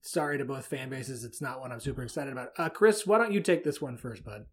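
A man's voice: mid-range voice, lively intonation, fast talker, slightly rough. Chatty man hosting a sports podcast. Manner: chatty, self-deprecating, reads ads conversationally. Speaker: podcast host. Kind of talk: casual sports podcast chat with ad read.

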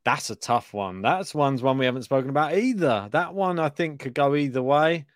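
A man's voice: medium pitch, lively intonation, normal speed, no echo, clean studio sound. A man co-hosting a tennis podcast, casual and playful, often unsure and laughing as he makes his picks. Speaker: podcast co-host.

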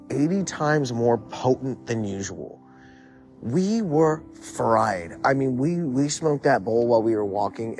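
A man's voice: mid-range voice, a little mellow. A man in his twenties telling a personal story in a laid-back, profane, rambling way, full of fillers. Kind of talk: casual storytelling. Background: faint guitar music.

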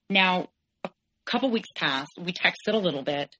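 A woman with a low, deep voice recounts her own past in a podcast interview. She speaks frankly and haltingly, trailing into fillers and restarting her sentences. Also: lively intonation, bright, forceful tone, husky, low-quality recording. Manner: frank, halting, with many "like"s and self-corrections. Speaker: podcast guest. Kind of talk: candid personal storytelling.

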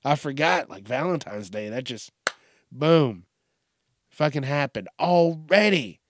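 A man's voice: a little high, animated, a little slow, no room sound, studio quality. A man hosting a casual solo podcast, rambling and cursing with a slight Southern twang and frequent laughs. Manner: profane, rambling, laughs often. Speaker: podcast host. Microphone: studio microphone.

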